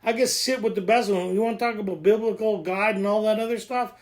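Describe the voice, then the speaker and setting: Man, high voice, workshop leader, joking, excitable, laughing. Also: quick pace. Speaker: recovery workshop speaker. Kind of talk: animated teaching talk.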